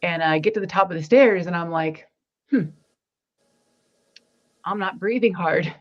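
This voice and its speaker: Unhurried and on the low side, a woman's voice recounts a personal story as a guest in an interview. She speaks earnestly and dramatizes the dialogue in a conversational testimony. The recording is lo-fi and slightly dull.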